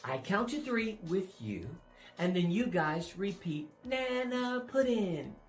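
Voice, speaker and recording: A man's voice: high-pitched, big pitch swings, slow. A man hosting a children's channel with cheerful kids' show delivery. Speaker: YouTube channel host. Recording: roomy sound with music.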